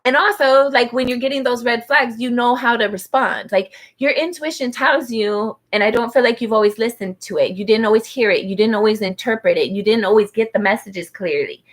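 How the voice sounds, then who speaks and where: A woman's voice: on the high side, fairly quick, few pauses. A woman giving a live-streamed tarot reading in a chatty, heartfelt way, often saying "like" and speaking to viewers by name and star sign. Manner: chatty, heartfelt, fills speech with "like". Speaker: tarot reader.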